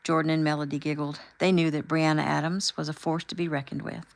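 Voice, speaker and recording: Woman, audiobook narrator, even clear storytelling, low voice. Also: fast. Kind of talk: scripted narration.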